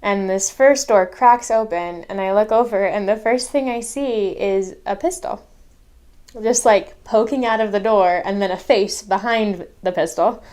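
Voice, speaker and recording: A young woman, a missionary, casually telling an anecdote in a lively, amused way. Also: mid-range voice, a little slow. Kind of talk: casual storytelling.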